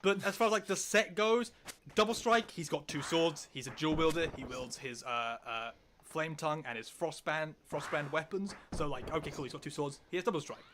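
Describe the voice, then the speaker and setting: A man's voice: a little high, expressive, fairly quick, noisy background. A man co-hosting a casual podcast, enthusiastically explaining fantasy lore with many "like"s. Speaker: podcast co-host.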